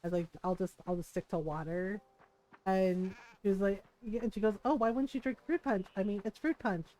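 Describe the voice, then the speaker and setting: A woman's voice: medium pitch, fairly quick, mellow, rough recording. A woman streaming a farming game, chatting casually and telling stories while she plays, acting out quotes and laughing often. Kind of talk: casual chat while gaming.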